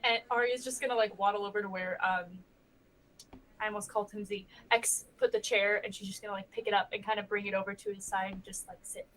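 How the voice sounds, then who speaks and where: A woman's voice: mid-range voice, steady tone, fast talker, a bit bright, low-quality recording. A woman player in a tabletop game, joking and giggly in casual banter.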